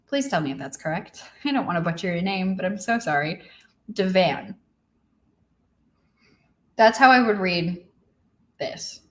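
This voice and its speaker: A young woman hosting a writing livestream alone in her apartment, chatting casually and reading viewer comments aloud, a little tired and low on energy. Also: lively intonation, moderate pace, fairly bright tone. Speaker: livestream host. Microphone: computer mic.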